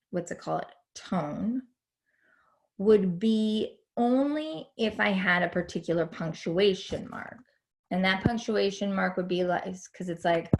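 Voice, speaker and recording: A woman's voice: mid-range voice, gravelly, slight background noise. A woman teaching an online lecture in a chatty, hesitant way with many fillers.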